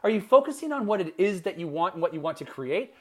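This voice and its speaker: A man's voice: high voice, big pitch swings, quick pace, a little mellow. A man hosting his own motivational podcast, talking with punchy energy and firing off repeated rhetorical questions. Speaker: podcast host and life coach.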